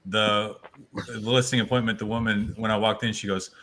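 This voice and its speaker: A man's voice: lowish voice, flat delivery, a little fast, a bit bright, slight background noise. A man co-hosting a casual chat, telling a wry, laid-back story. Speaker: real estate agent, co-host.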